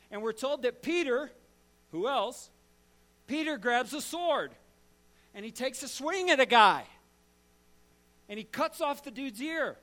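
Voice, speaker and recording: A man preaching a sermon as a dramatic story, swinging from loud to hushed and asking the listeners direct questions. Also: sits high. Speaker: pastor.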